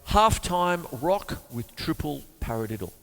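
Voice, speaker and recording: Lively man teaching drums. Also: on the high side, a little slow, vocal fry, big-room sound, over loud music. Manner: chatty and jokey, counting beats aloud over his playing. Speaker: drum teacher. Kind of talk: drum lesson with counting aloud. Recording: loud drum kit playing over the voice. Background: drum kit.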